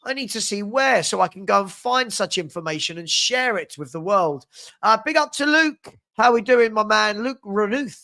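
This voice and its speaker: A man's voice: high voice, animated, moderate pace, gravelly, bright, forceful tone. A man hosting a casual live-stream fan chat, reading viewer comments in a playful, teasing way while he has a cold. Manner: chatty, playful, teasing, repeats himself.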